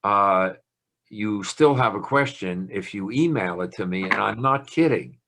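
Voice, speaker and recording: A man's voice: fairly low pitch, expressive, unhurried, a bit bright. An older man speaking on a video call, giving a playful, chatty talk about grammar and punctuation. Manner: playful, chatty lecturer with a teasing tone. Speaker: guest speaker on language.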